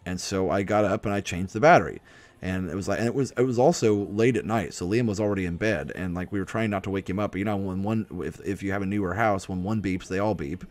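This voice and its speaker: A man's voice: low voice, fast, darkish tone. A young man hosting a casual live stream chat, telling stories in a rambling way with lots of fillers and restarts. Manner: rambling, self-interrupting storyteller with frequent fillers. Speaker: livestream host.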